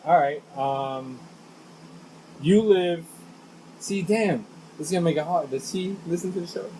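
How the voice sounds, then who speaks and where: A man's voice: fairly high pitch, a little slow, slight background noise, rough recording. A man co-hosting a podcast, chatting casually, teasing his friends and laughing often. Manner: lively, laughs a lot, teasing. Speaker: podcast co-host. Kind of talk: casual chat.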